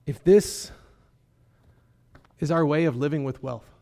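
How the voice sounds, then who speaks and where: A man's voice: fairly high pitch, measured pace, creaky, warm tone. A man preaching a sermon, earnest and emphatic, often asking his listeners rhetorical questions. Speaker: pastor.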